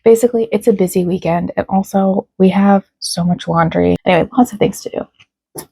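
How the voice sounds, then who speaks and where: Gravelly, upset woman vlogging from home. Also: mid-range voice, moderate pace, dark tone, dry recording. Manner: frustrated, near tears, laughing it off. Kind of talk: casual vlog chat.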